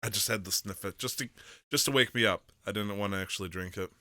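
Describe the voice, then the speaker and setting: A man's voice: fairly low pitch, fast talker, sharp tone, no room sound, studio quality. A man from Michigan hosting a podcast, joking around and laughing easily in casual chat. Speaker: podcast host.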